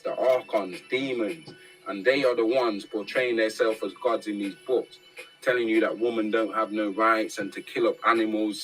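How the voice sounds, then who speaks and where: A man's voice: fairly low pitch, fairly bright tone, rough recording. A man giving a casual, profane monologue full of street slang, tagging his points with "yeah?". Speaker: commentator.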